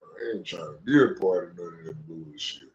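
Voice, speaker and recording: A man's voice: low-pitched, moderate pace. A young man hosting a casual call-in stream, talking in loose, profane, preachy rants. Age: young adult. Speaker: stream host. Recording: echoey, dull lo-fi room sound.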